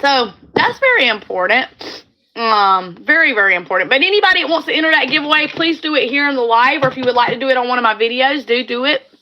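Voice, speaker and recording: A woman's voice: high voice, lively intonation, quick pace, sharp tone, lo-fi sound. A middle-aged woman from California hosting a casual livestream chat, talking in a heartfelt, rambling way and repeating her phrases. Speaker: livestream host.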